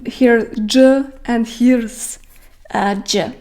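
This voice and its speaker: A woman with a Croatian accent, a native Croatian speaker, teaching pronunciation slowly, with many pauses and fillers as she demonstrates sounds. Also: sits high. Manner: slow, hesitant, many fillers, careful demonstrations. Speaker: language teacher. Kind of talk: pronunciation lesson.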